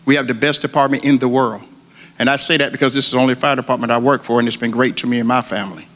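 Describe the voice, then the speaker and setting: A man's voice: mid-range voice, steady tone, racing, a bit bright. A middle-aged man, a retired firefighter giving an earnest ceremony speech and a spoken prayer in a repetitive, preacher-like cadence. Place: ceremony hall. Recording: long reverb of a large hall.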